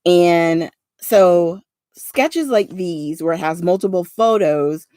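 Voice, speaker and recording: A woman's voice: lowish voice, slow pace, warm tone, clear, resonant tone, dry recording. A woman in her forties from South Jersey with a Southern-tinged New Jersey accent, chatting casually with viewers while making crafts, rambling with many fillers. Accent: New Jersey with a Southern twang. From South Jersey, USA. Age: 40s. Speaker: craft livestream host. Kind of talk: casual craft livestream chat.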